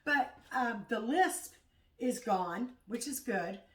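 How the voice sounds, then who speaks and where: A middle-aged woman chatting casually at home in a vlog, rambling and halting as she talks. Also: a little high, lively intonation, fairly bright tone. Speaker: vlogger. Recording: echoey room, far from mic.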